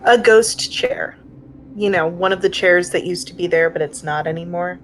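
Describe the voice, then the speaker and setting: A woman with a fairly low voice talks through her moves in a tabletop game. She hesitates and fills her sentences with "um" and "uh", and a faint hiss runs underneath. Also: fairly even intonation, fairly quick. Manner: hesitant, filler-heavy. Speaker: player. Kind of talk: casual tabletop play.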